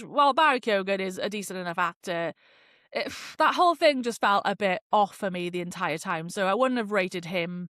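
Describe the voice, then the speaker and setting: Animated woman podcast host. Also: medium pitch, no room sound, clean studio sound. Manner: animated, expressive, swearing, slangy. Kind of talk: casual chat review.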